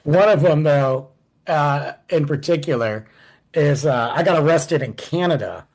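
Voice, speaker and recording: A man in his forties, co-hosting a podcast, telling stories in a casual, animated way and acting out the quotes. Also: on the high side, unhurried, rough recording. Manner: animated, acts out quotes with shifting voice. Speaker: podcast co-host. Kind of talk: casual storytelling chat.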